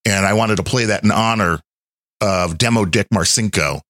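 A man's voice: fairly low pitch, normal speed, a bit bright, no echo, clean studio sound. A man hosting a podcast, chatting in a rambling, conversational way. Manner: rambling, conversational, many fillers. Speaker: podcast host. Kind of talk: casual chat.

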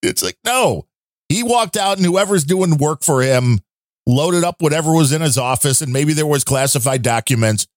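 A man's voice: on the high side, expressive, normal speed, no room sound, clean studio sound. A man hosting a casual political podcast, who jokes, laughs often and speaks to his listeners as folks. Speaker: podcast host.

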